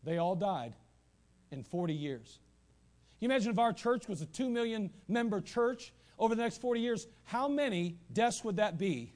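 A male pastor preaching a sermon in a church, animated, with asides and repeated phrases. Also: sits high, normal speed. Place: church sanctuary.

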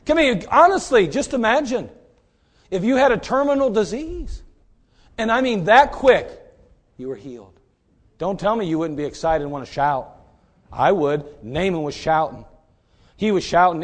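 A man preaching a sermon, animated, moving from quiet asides to loud shouting and firing rhetorical questions at the congregation. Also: on the high side, normal speed, long pauses.

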